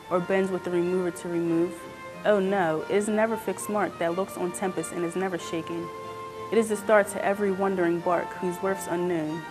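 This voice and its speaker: A woman reciting a poem in an even, measured reading. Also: lowish voice, poor audio. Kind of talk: poetry recitation. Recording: instrumental music under voice. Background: instrumental music.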